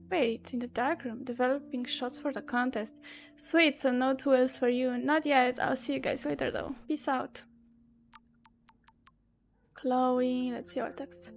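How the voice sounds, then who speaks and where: A young woman with a high voice gives animated let's-play commentary, reading texts aloud in quick bursts. She talks into a desk microphone. Faint game music sits in the background. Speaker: gaming streamer.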